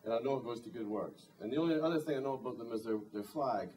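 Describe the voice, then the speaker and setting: A man's voice: medium pitch, fast, a little mellow, a little hiss or hum. A man and singer-songwriter introducing a song at a live concert, telling a rambling story with dry humor. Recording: distant live concert recording, faint guitar.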